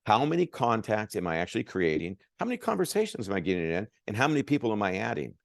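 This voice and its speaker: A man's voice: fairly low pitch, quick pace, vocal fry, no echo, clean studio sound. A man giving a motivational sales talk as a coach, acting out both sides of conversations. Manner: animated, acts out both sides of dialogues.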